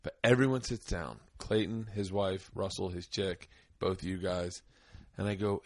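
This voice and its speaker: A middle-aged man with a bright, forceful voice that swings widely up and down in pitch. He tells loud, profane stories as a podcast host and keeps laughing through them. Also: lively intonation, normal speed, no echo. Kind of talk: casual chat, animated storytelling.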